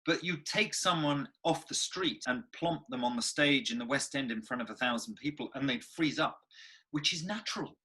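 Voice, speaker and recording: A man, an actor and guest on the show, telling stories in a lively, expressive way. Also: medium pitch, moderate pace. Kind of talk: animated conversational storytelling.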